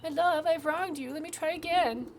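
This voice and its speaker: A woman's voice: high voice, moderate pace, a little hiss or hum, pitched above the performer's own voice, lightly acted. A woman voicing a timid, lovesick male beekeeper who stammers and fawns over his queen. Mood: doting. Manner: fawning, stammering.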